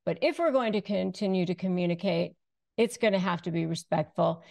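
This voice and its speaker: A woman coaching viewers in a direct-to-camera advice lesson, speaking calmly and deliberately and slowing down to stress key phrases. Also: on the low side, gravelly. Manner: calm, deliberate, often slows to stress phrases. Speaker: host, negotiation and relationship coach.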